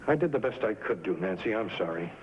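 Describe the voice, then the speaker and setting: A man voicing a weary agent out of patience with his client, speaking plainly with lively swings in his delivery. The dull, faintly hissing sound is that of an old television soundtrack. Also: on the low side, fast talker, close to an everyday voice. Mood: regretful. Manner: blunt and exasperated. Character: blunt weary male talent agent, fed up. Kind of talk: 1950s TV drama acting.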